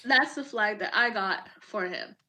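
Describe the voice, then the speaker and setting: A woman in her thirties, an Army veteran, telling a personal story in an emotional, animated way, with casual swearing and acted-out quotes. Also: medium pitch, measured pace. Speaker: podcast guest, Army veteran.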